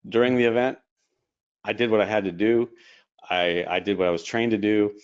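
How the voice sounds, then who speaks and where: A man, an airline captain, telling a story in a casual interview, quick and animated with quoted dialogue. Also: fairly low pitch, clean tone. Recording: dull lo-fi stream audio.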